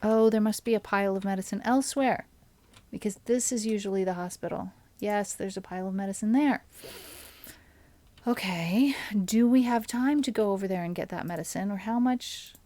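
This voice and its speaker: A woman streamer giving casual commentary while she plays a game, thinking aloud and often dropping to a soft mutter. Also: mid-range voice, normal speed, no room sound.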